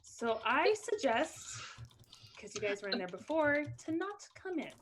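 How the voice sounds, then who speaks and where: Woman player, lively voice, playful, a bit higher. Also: a little slow, slight background noise. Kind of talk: casual tabletop play.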